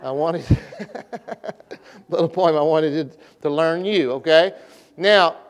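Speaking slowly in a fairly high voice, a middle-aged pastor preaches a revival sermon inside a church sanctuary. He keeps it folksy and repetitive while guiding his congregation in call-and-response.

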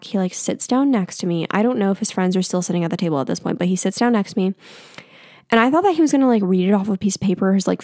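A woman's voice: mid-range voice, darkish tone, dry recording, studio quality. A young woman hosting a podcast, telling a story in a chatty way with swearing and lots of fillers. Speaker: podcast host. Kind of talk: casual storytelling.

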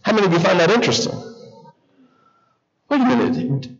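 A man's voice: high-pitched, brisk, creaky. A man preaching a sermon as guest pastor in a church, constantly putting questions to the congregation. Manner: animated, keeps questioning the congregation. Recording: slightly dull church recording with audible congregation.

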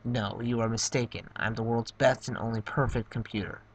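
A man doing a flat, formal talking computer. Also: mid-range voice, normal speed, voice pushed down, close to an everyday voice. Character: calm, literal-minded male computer. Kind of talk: voicing game dialogue in a playthrough.

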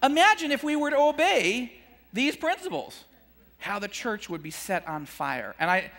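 A man's voice: moderate pace, creaky, in a large hall. A man giving a conversational sermon on scripture, acting out the disciples' complaints and chuckling between points. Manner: animated, acts out disciples' complaints with a jump in pitch. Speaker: Christian speaker teaching scripture.

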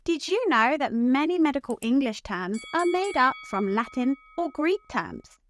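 A woman teaching medical English pronunciation, speaking slowly and enunciating each term clearly. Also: high-pitched, expressive. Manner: slow, clearly enunciated, instructive. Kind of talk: pronunciation lesson.

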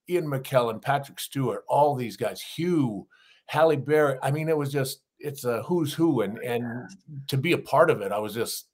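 Middle-aged male guest, mid-pitched, spins animated anecdotes. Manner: animated anecdotes with acted-out quotes and laughs. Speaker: guest, actor and former wrestler. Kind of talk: casual storytelling interview.

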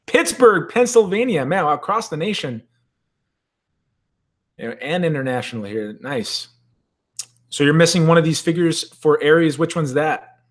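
A man's voice: a little high, a little slow, pauses often. Chatty man hosting a toy live stream. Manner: chatty and joking, greets viewers in the chat. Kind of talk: casual live-stream chat. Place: at a desk at home.

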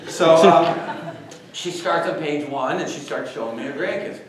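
A man giving a university talk, telling an anecdote with animated delivery and questions tossed to the audience. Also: on the high side, unhurried. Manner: animated storytelling, quizzes the audience. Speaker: guest speaker. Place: large lecture hall. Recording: echoey hall, far from mic.

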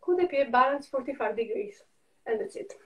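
High-voiced ballet teacher calling steps. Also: female voice, animated, fairly quick, muffled recording. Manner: calls out counts and steps in short phrases. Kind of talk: ballet class instruction. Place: dance studio. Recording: roomy studio, far from the mic, music behind.

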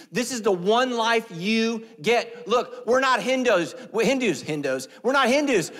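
Animated male pastor, high voice, hall echo. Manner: animated, joking, swings between loud and hushed. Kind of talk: sermon. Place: church sanctuary.

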